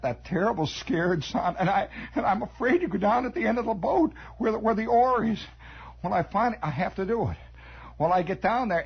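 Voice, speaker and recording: A Midwestern American man telling a story on the radio in a dramatic monologue, hushing for suspense, on a dull lo-fi 1960s broadcast. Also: high voice, slightly rough. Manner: animated, dramatic, drops to hushed tones for suspense.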